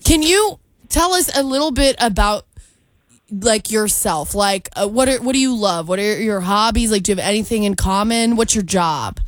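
A woman's voice: medium pitch, lively intonation, normal speed, no room sound. A woman co-hosting a radio show, teasing and playful with the caller.

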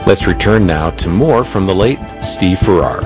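A man reading a scripted radio announcement in a smooth, measured way. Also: low voice, expressive. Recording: studio voice over music bed. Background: music.

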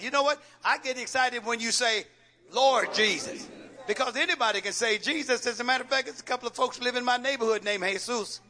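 High, bright-voiced preacher man. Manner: call-and-response preaching, repeats phrases; folksy, joking with the congregation. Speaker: pastor. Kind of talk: sermon.

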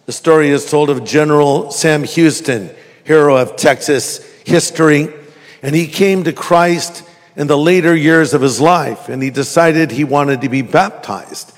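A man preaching a sermon in church, slipping into jokey stories with an animated, lively delivery. His fairly high voice rings out with a long hall reverb. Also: unhurried. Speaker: pastor.

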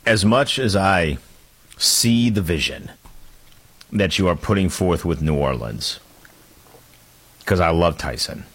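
A man co-hosting a sports talk radio show, relaxed and wry, laughing easily. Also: low-pitched, slow pace, pauses often, slightly rough, dry recording.

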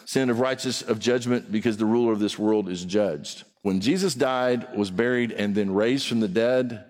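A man preaching a sermon to a congregation in a conversational style, with quick rhetorical asides. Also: a little high, big-room sound. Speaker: pastor.

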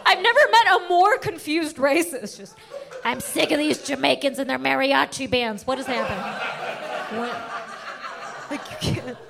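A young woman doing a stand-up comedy set, brash and animated, acting out the people in her stories. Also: sits high, measured pace, gravelly, a crowd in the background. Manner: brash, animated storytelling with voiced asides.

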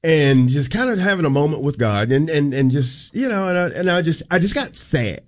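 A man co-hosting a radio show, telling a personal story on air in a casual, earnest, halting way. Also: a little high, expressive.

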